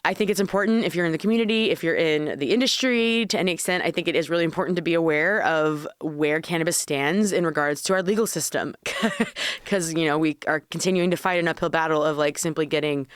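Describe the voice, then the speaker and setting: A woman hosting a casual podcast, chatty and quick to laugh, with casual swearing. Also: sits low, clean tone, no room sound, clean studio sound. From Washington State. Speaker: podcast host, cannabis consultant.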